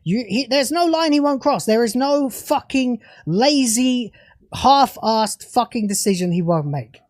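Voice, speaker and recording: A man's voice: very high voice, lively intonation, a little slow, dry recording, clean studio sound. A young British man hosting a livestreamed TV review, ranting furiously with heavy swearing and then settling into casual chat. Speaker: TV show reviewer.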